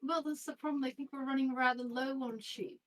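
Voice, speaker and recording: A woman's voice: high voice, steady tone, a little fast, far from the mic, poor audio. A woman player in a tabletop role-play, speaking politely and genteelly in character, often calling others darling.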